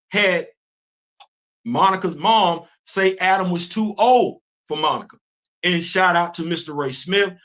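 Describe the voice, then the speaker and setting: A high-pitched, bright middle-aged man hosts his own casual commentary show. He speaks heatedly and emphatically, hammering his points with repetition. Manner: heated, emphatic, repeats himself. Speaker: host.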